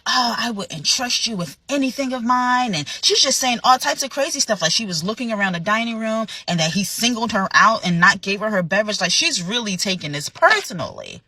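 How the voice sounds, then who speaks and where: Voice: medium pitch, animated, a little fast, hardly any pauses, bright, forceful tone, dry recording. A restaurant manager casually telling a personal work story, often adding "right?" asides.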